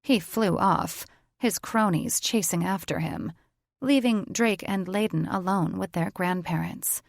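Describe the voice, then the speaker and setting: A woman narrating a fantasy audiobook in an even, deliberate, scripted style on a close mic. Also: lowish voice, creaky, no echo.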